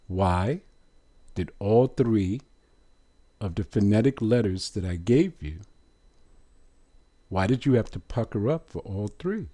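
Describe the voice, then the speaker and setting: A man teaching pronunciation in a slow, deliberate way, drawing sounds out and putting rhetorical questions to his listeners. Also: on the low side, expressive, mellow. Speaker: religious teacher.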